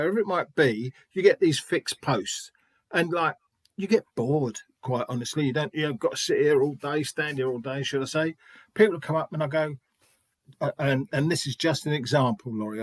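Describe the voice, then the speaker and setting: A man's voice: a little high, no room sound. A middle-aged man and spiritualist medium telling stories in an interview, chatty, restarting often and acting out quoted dialogue. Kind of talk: anecdotal interview storytelling.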